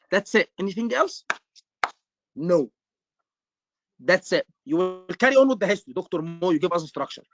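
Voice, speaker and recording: A man's voice: high voice, dry recording, dull audio. A man tutoring medical students in a live online lecture. He keeps repeating his questions and stresses the key points. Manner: repetitive, quizzing students, emphatic.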